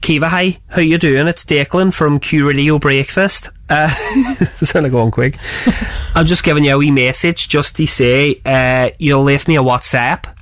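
A young man, hosting breakfast radio in a casual, animated way and laughing often. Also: on the high side, moderate pace, dry recording.

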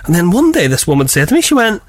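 A man's voice: sits high, fast talker. A man hosting breakfast radio, playful and jokey. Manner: playful, jokey, animated delivery. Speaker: radio host.

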